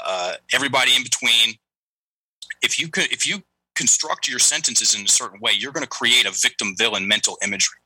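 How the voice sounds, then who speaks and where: Middle-aged male coach guest, lively storyteller who acts out his characters; very bright, forward tone, dry close mic. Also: mid-range voice, breathy edge, no room sound, rough recording. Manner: animated storyteller, acts out quoted lines. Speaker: guest, breathing and language coach. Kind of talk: storytelling interview talk.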